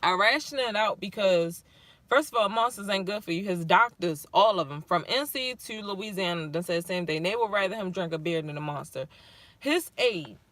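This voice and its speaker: A woman's voice: mid-range voice, animated, moderate pace, a bit bright, no echo. A woman caring for her father, venting on a livestream in a frustrated, rambling way, swearing often and close to tears. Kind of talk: livestream vent, reading chat.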